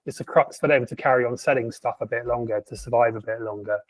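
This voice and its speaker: A man co-hosting a podcast in casual chat, animated and sardonic, stumbling through frequent restarts. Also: mid-range voice, fast, no echo, poor audio. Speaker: podcast co-host.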